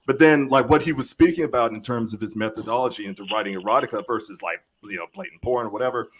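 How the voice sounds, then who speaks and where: A man in an easygoing podcast chat, joking around and swearing freely. He talks at a middling pitch for a man. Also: fast talker. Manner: loose, profane, jokey banter. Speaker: podcast co-host. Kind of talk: casual chat.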